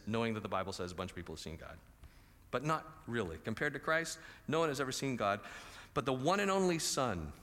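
Animated preacher man in a reverberant hall. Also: medium pitch. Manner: animated, conversational, asks the audience questions. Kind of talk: conversational sermon.

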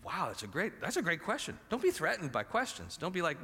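A man's voice: sits high, wildly swooping pitch, fairly quick, hardly any pauses, pushed and bright. A man preaching a conversational sermon and asking the audience questions. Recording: reverberant large hall.

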